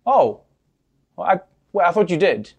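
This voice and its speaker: A man hosting a comedy news show, trading scripted banter in an animated way that sometimes stammers and gets flustered. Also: sits high, normal speed, husky. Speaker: late-night comedy news host.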